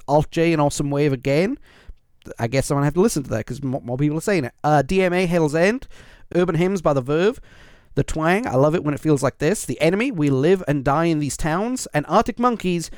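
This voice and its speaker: A man hosting a podcast on his own, reading out listener lists in a casual, upbeat way with quick asides. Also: fairly high pitch, no room sound, clean studio sound. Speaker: podcast host. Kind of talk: casual solo podcast chat.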